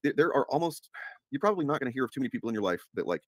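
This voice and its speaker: A man's voice: medium pitch, big pitch swings, very fast, dry recording. A man ranting contemptuously in a played stream clip, swearing often. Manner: crude, contemptuous, profane. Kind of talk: casual stream rant.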